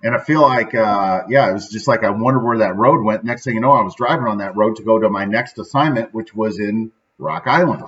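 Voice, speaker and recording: With a lowish, fairly bright voice, this central Illinois man in his thirties talks fairly quickly and hardly pauses. He hosts a daily motivational show, rambling casually and upbeat and tacking "right?" onto lines, on a slightly dull, lo-fi recording.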